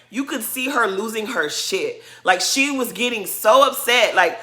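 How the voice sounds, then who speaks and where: Speaking with hardly any pauses at a moderate pace, a reality TV commentary vlogger fires off an emphatic, indignant rant in a casual style. She repeats her points for emphasis and acts out quotes in mocking voices. Her voice sits on the high side and is expressive, pushed and bright.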